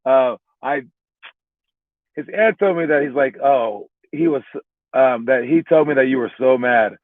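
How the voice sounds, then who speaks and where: A man coaching basketball talks to his young players in a loose, rambling way, full of restarts and "all right?" checks. His voice sits at a middling pitch. The sound is thin and phone-like, with no room echo at all. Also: normal speed. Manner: rambling, repeats words, keeps adding "all right?". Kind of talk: casual motivational talk to young players. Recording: narrow phone-like sound, dry.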